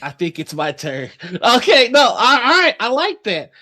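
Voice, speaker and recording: Animated laughing woman, lively voice. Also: on the high side, moderate pace. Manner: laughing often, profane and animated. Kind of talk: casual stream chat.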